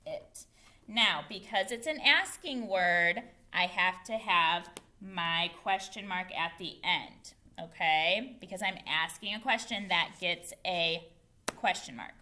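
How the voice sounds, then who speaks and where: A woman's voice: on the low side, slow pace, bright, forceful tone. A young woman teacher giving a patient, carefully enunciated phonics lesson to young children. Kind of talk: early-grade phonics lesson.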